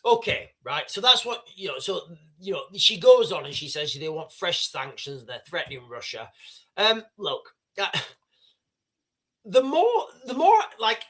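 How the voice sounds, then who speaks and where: A British man hosting a casual livestream. He talks to his viewers in a rambling, animated way. His voice is high and bright, and his pitch leaps about freely. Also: unhurried. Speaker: livestream host. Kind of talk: casual live commentary.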